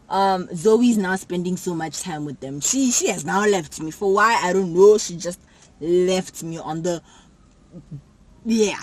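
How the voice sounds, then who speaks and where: A young woman telling a personal story to camera in a casual, animated way, acting out what people said. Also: medium pitch, poor audio. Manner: animated, acts out quotes with sudden loud jumps. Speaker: vlogger.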